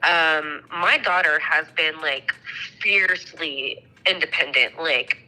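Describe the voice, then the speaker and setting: Chatty woman with a sharp, bright voice. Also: low-pitched, slow, few pauses, poor audio. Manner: chatty, swears casually, acts out dialogue. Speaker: mother telling a ghost story. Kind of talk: casual storytelling chat.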